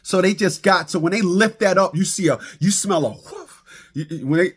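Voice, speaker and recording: A man ranting comically to his viewers, animated, stammering and laughing at his own jokes. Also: sits high, moderate pace, breathy edge. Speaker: vlogger. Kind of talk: comic rant to camera.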